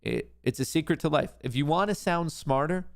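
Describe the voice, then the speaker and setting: Gravelly-voiced joking market host. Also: male voice, fairly high pitch, fairly quick. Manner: joking, playful, swearing, talks over clips. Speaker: show host. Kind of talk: casual stock market commentary.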